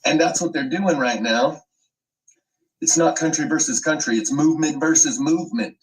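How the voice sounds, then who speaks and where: A man's voice: a little high, normal speed, recorded from a distance, slight background noise, low-quality recording. A man hosting an online commentary video, ranting with emphatic, profane sweeping claims.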